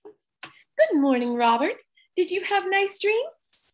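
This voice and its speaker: A woman's voice: very high-pitched, very animated, slow pace, heavily acted. A woman voicing a cheerful, wide-eyed young fairy-tale princess in an amateur musical audio drama. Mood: innocent wonder. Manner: sings brightly, wide-eyed and naive. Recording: loud instrumental backing music.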